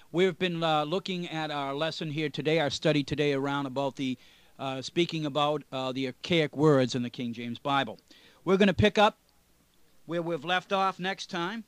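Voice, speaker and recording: A man's voice: fairly high pitch, no room sound. A man as a pastor teaching a Bible study broadcast, reading scripture aloud with strong emphasis and tossing in "amen" asides. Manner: emphatic preacher, reads scripture aloud with stress; frequent "amen?" asides and small restarts.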